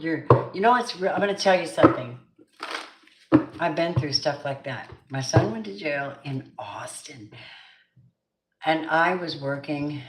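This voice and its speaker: Low-voiced woman reading tarot live. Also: roomy sound, heavy background noise. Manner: emphatic, repeats affirmations; chatty, greets viewers by name. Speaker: tarot reader. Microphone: camera mic on a live stream.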